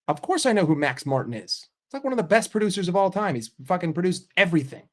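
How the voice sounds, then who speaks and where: An American man with an American accent chats casually with his stream. He jokes and swears freely in a crude, brash way. His voice sits a little high for a man. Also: big pitch swings, fast, hardly any pauses. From United States. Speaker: streamer, football fan. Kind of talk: casual chat with viewers.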